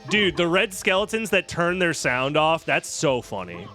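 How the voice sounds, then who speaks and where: Bright-voiced joking male streamer. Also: a little high, big pitch swings, moderate pace, faint music behind. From United States. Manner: joking, sarcastic, chatty with viewers. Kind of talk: live-stream gameplay commentary.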